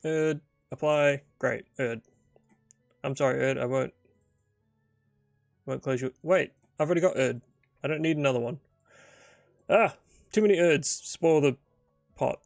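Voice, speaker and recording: A man's voice: medium pitch, moderate pace, creaky, long pauses, darkish tone, dry recording, studio quality, faint music behind. A man narrating and improvising a solo tabletop game, rambling and thinking aloud with many fillers.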